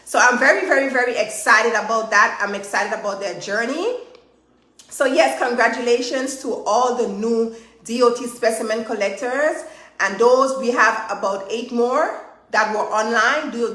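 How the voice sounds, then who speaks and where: A woman hosting a live stream as a trainer, chatty and energetic, driving her points home with repeated "okay?". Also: on the high side, normal speed, roomy sound. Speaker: host and trainer. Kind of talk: live-streamed motivational chat.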